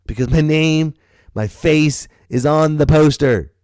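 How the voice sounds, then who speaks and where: A man, a stand-up comedian, hosting his podcast in a casual monologue, rambling and animated, swearing and stumbling over his words. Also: fairly high pitch, slow pace, no room sound, clean studio sound.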